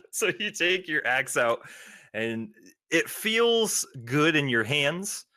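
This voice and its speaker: A man narrating a tabletop game as game master, describing the action in lively, vivid detail. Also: on the high side, takes it slowly, no echo.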